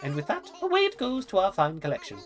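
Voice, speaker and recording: A woman's voice: medium pitch, wildly swooping pitch, fast talker, over music. A woman voicing a fussy, erudite male owl who runs a museum, with a prim, wordy and polite manner and a hooting catchphrase. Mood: pompous.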